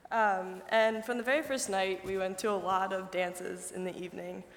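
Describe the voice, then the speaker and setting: A woman's voice: mid-range voice, steady tone, normal speed. A young woman, a student, presenting her trip in a casual talk with fillers. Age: young adult. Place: large hall. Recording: roomy hall recording with reverb.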